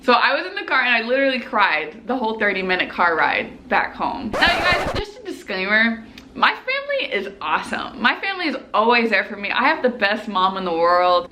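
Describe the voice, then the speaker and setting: A young woman in her twenties, a medical student, telling a personal story to camera in an animated, chatty way, full of "like" fillers. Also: medium pitch, a little fast, few pauses, a little hiss or hum.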